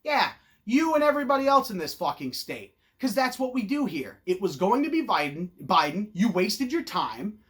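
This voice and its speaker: A man hosting an opinion show, ranting in a blunt, loud, profane and sarcastic way, mocking people in put-on voices. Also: high voice, big pitch swings, moderate pace. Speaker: host.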